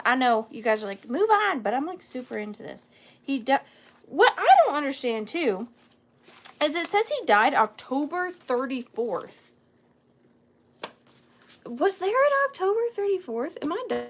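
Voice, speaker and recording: A woman reselling antiques, hosting a live sale and reading old letters aloud, emotional and close to tears, marvelling and apologizing as she goes. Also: high voice. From US South. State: near tears.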